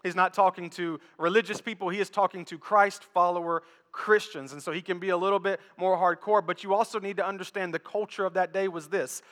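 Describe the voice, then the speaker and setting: High, bright-voiced preacher in a hall. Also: male voice, a little fast, few pauses. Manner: animated, joking, repetitive. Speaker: pastor. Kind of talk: sermon. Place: church. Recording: echoey church hall.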